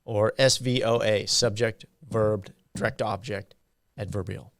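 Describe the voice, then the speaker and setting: Slow, gravelly male lecturer. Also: fairly low pitch, fairly even intonation, a bit bright, dry recording, clean studio sound. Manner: slow and halting, many ums and uhs. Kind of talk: university grammar lecture.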